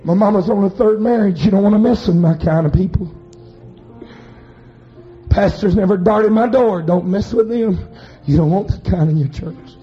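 Man, high voice, revival preacher, shouted chanting climaxes, muffled recording. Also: moderate pace. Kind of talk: revival sermon storytelling. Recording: muffled recording with faint music.

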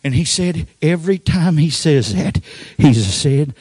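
An older man preaching a Pentecostal sermon, telling folksy stories with frequent amens and sudden shouted outbursts. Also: fairly high pitch, animated, unhurried, husky, no echo.

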